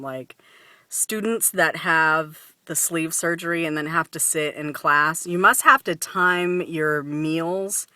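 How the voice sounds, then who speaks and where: A woman's voice: low voice, bright, forceful tone, dry recording. A woman vlogger talking casually to camera, chatty and laughing often, with lots of fillers and restarts.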